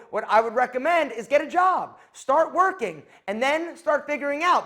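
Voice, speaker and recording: A middle-aged man with a fairly high voice tells a story straight to camera. He talks in a loose, chatty way and turns it into friendly advice for his viewers. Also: fairly bright tone. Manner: chatty, advice-giving, acts out quoted exchanges. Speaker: YouTube host.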